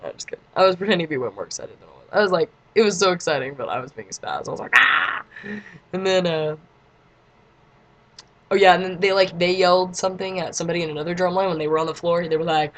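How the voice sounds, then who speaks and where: A teenage girl telling a story to her camera in a casual vlog. She chats and giggles along and leans on "like" constantly. Now and then she breaks into excited squeals. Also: fairly low pitch, very fast. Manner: chatty and giggly, lots of "like", squeals in quotes. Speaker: vlogger.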